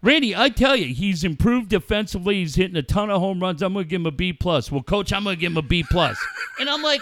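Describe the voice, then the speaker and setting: A man's voice: high voice, fast talker. A man hosting a podcast, telling a story in casual profane talk and mimicking other people as he goes. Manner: animated, swearing, mimicking others. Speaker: podcast host.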